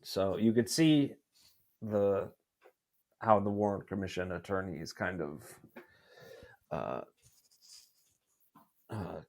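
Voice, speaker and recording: A man with a low, darkish voice hosts a podcast, reading testimony from documents aloud and adding his own commentary. He halts often and restarts many times as he reads.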